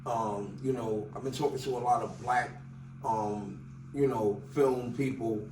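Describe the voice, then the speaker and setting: A man's voice: mid-range voice, fairly even intonation, unhurried, darkish tone, slight background noise. Man, New York accent, rapper guest, slangy storyteller, echoey room, distant mic. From Staten Island, New York. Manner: slangy, loose, acts out quoted dialogue. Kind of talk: casual interview storytelling.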